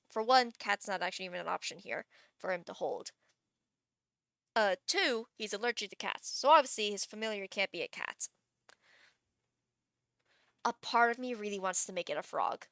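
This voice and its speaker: A woman's voice: mid-range voice, animated, moderate pace, gravelly, pauses often, fairly bright tone, no room sound, clean studio sound. A woman streaming live, chatting casually and thinking aloud while she builds a game character, gushing and laughing.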